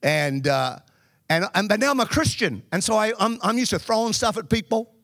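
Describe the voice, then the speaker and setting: A man with a notably high voice preaches a sermon, speaking straight to his congregation and telling humorous stories from his own life. The sound is dry and close, with almost no room echo. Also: expressive, normal speed, creaky, a bit bright. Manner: humorous storytelling, addresses the congregation.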